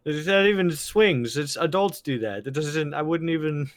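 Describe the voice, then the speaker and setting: Deadpan, joking podcast man. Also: a little high, normal speed, no room sound. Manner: deadpan, crude jokes. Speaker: podcast co-host. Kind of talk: casual chat. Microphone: video call.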